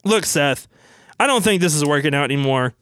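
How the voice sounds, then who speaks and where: A man's voice: fairly high pitch, animated, a little fast, a bit bright, clean tone, dry recording. A man putting on the voice of an angry male wrestler accusing his partner. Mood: bitter. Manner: bitter, accusing.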